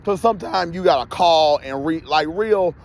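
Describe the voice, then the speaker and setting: A man's voice: fairly high pitch, normal speed, vocal fry. A man ranting heatedly to his viewers in a profane, repetitive vlog monologue. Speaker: vlogger.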